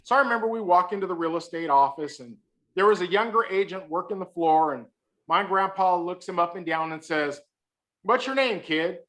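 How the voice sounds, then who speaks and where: A man's voice: high-pitched, fairly quick, a bit bright. A man giving a humorous talk on a video call, teasing his listeners and telling a story with punchlines. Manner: joking, storytelling, teasing the audience. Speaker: guest speaker.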